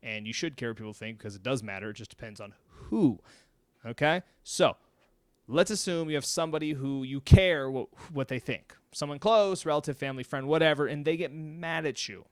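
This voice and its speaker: A man speaks straight to camera from a room at home, with a smooth, resonant, mid-pitched voice. He is blunt and chatty, keeps checking in with "okay?", and sometimes swears. The sound is dry and close. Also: brisk, no echo. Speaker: mental health video host. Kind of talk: casual talk to camera.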